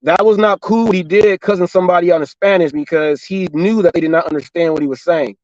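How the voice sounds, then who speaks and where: A man's voice: sits high, quick pace, dry recording, lo-fi sound. A middle-aged man from Southern California, a delivery driver and show host, telling a story in a casual monologue and acting out the dialogue with lots of repetition. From Los Angeles and Orange County, California. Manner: animated, repetitive retelling with quoted dialogue.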